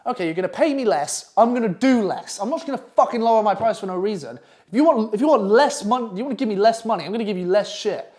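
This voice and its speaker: A young man lectures on copywriting with a blunt, foul-mouthed swagger. His pitch swings widely as he acts out clients in quick asides. It sounds like casual, unscripted coaching talk. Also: a little mellow. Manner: crude, blunt and swearing constantly, acting out clients in quick asides. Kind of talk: profane casual masterclass talk.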